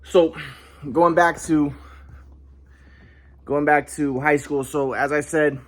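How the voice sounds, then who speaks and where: A man's voice: on the high side, steady tone, takes it slowly. A man telling his own story in a rambling way, restarting sentences and repeating words. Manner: acts out quotes of others. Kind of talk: casual storytelling monologue.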